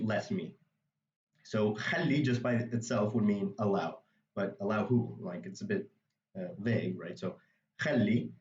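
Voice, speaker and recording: A man's voice: lowish voice, a little mellow, distant mic, dull audio. Man explaining patiently in a roomy room. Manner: patient, step-by-step explaining with frequent asides. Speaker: Arabic dialect teacher. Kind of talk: explaining a reading passage.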